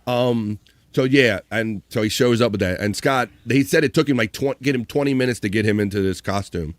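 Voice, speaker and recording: A man of middle pitch chats casually as a live-stream host, rambling through a recap with plenty of fillers. The sound is dry and close. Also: fairly quick, no room sound.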